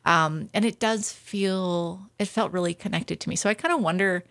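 A woman being interviewed about her outdoor adventures, a lively, self-deprecating storyteller who laughs often. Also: lowish voice, normal speed, creaky, no room sound. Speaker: guest, outdoor adventure writer. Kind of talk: casual interview chat.

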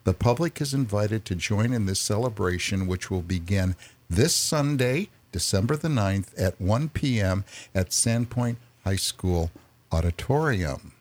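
A male radio host with a lowish voice welcomes his guests with chuckles, then moves into reading a press release in an even, steady way. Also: unhurried.

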